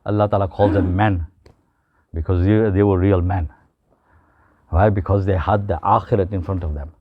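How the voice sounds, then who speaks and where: British Muslim preacher, dry muffled sound. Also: male voice, deep voice, steady tone, normal speed, no room sound. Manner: storytelling with acted quotes, mixing English with Gujarati and Urdu phrases. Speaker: Islamic preacher. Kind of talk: informal religious talk to a group. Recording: dull, muffled, dry recording.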